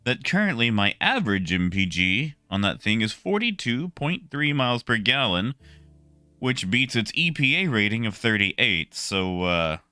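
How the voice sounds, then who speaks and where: A young man casually chatting with his stream viewers, relaxed and talkative, greeting people by name. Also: medium pitch, normal speed, clean tone, no room sound, soft background music. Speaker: livestreamer.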